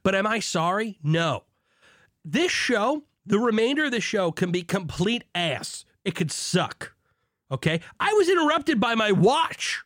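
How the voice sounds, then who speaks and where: Male solo beer podcast host, fired up and foul-mouthed, high bouncy voice, dry close mic. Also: very animated, measured pace, dry recording. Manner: hyped, swings between shouting and low asides; swears, mock preacher zeal. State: drinking beer while talking. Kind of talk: excited solo podcast monologue.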